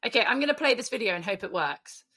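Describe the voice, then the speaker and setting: Cheeky, bright woman co-host. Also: a little high, animated. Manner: cheeky, sweary, quick to laugh. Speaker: podcast co-host. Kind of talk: casual chat.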